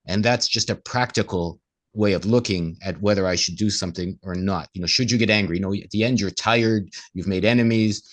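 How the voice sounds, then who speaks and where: Low-voiced man acting out inner voices. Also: a little fast. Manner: acts out inner voices in quoted asides. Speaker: co-host. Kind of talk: casual conversational discussion.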